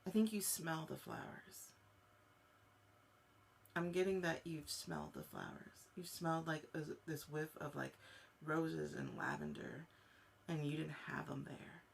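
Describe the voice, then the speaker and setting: Halting, gravelly-voiced woman medium. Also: low voice, steady tone, slight background noise. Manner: halting, searching speech full of fillers; speaks directly to a viewer. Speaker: psychic medium host. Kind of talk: live-streamed spirit reading.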